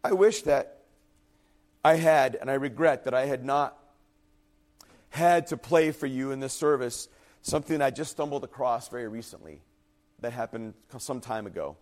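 A man preaching a sermon in an earnest, emphatic way, and his voice at times falters and turns quiet and husky. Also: mid-range voice, normal speed, long pauses. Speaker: pastor.

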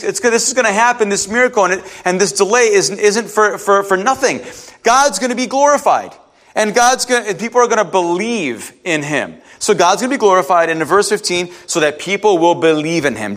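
A man's voice: high-pitched, a bit bright. A man preaching a sermon, reading scripture aloud and restarting his sentences as he explains it. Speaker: pastor.

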